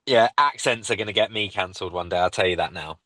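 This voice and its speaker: A man's voice: sits low, sharp tone, no echo. A man, a stand-up comedian, riffing and bantering jokily in a casual podcast chat. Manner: jokey, riffing, quick banter with restarts.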